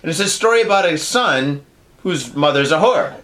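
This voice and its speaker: A man co-hosting a podcast in casual chat, rowdy and profane, and he keeps breaking into shouted silly voices. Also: a little high, animated, moderate pace. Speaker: podcast co-host.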